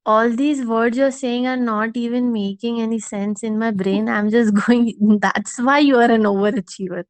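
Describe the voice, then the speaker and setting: A young woman with an Indian English accent, her voice a little high. She talks fast and animatedly, laughing often and slipping into Hindi. She sounds close-miked and dry, with no room sound. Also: no room sound. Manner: giggly, animated, mixes in Hindi. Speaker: podcast co-host. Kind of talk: casual banter.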